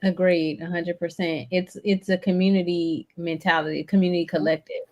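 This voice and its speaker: A woman co-hosting a podcast, chatty and animated as she tells stories. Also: lowish voice, normal speed, highs cut off. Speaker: podcast co-host. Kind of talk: casual conversation.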